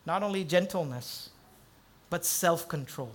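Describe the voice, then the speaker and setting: A middle-aged male pastor preaching a sermon, dropping to hushed, low storytelling and then rising into loud emphasis. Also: normal speed.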